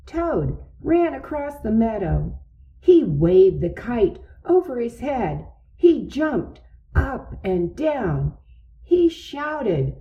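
A woman reading a children's story aloud in a gentle, deliberate way. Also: fairly high pitch, sing-song, dull audio.

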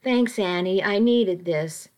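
A woman's voice: medium pitch, slow pace, darkish tone, close to an everyday voice. A bitter, defiant woman who drinks too much, as a woman reader plays her in a storybook reading. She talks with a raised, wounded edge, pushing back at everyone. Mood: defiant, furious. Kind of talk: audiobook reading.

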